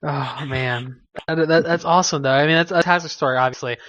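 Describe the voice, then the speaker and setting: A man's voice: on the high side, fast, a bit bright, no echo. A man hosting a podcast interview, laughing a lot and reacting with short replies in a casual way. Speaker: podcast host. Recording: slightly dull, dry.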